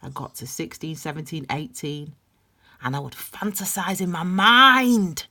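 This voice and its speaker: A woman giving a passionate, blunt tarot reading that swings between loud emphasis and hushed intensity. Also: fairly low pitch, expressive, measured pace. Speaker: tarot reader. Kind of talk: intuitive tarot reading, spiritual pep talk.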